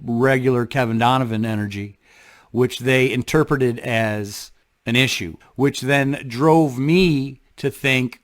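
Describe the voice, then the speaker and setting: A man talking to camera in a casual vlog, reflective and halting, often restarting his sentences. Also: mid-range voice. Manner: halting, thoughtful, frequent restarts. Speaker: vlogger.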